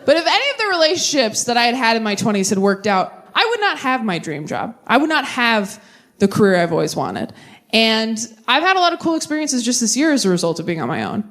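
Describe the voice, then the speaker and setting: A woman's voice: fairly high pitch, big pitch swings, fast talker, a bit bright. Punchy sardonic woman comedian. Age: 30s. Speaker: stand-up comedian. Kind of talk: stand-up comedy set.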